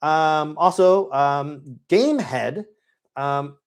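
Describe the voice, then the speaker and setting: A man's voice: a little high, takes it slowly. A man hosting a live Q&A, chatting with enthusiasm and many fillers. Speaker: board game channel host. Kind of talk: live Q&A chat.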